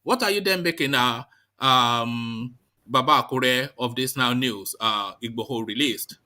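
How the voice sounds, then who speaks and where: A man hosting a live online discussion show, reading news and then greeting his guests in an animated, halting way with frequent restarts. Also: medium pitch. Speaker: host.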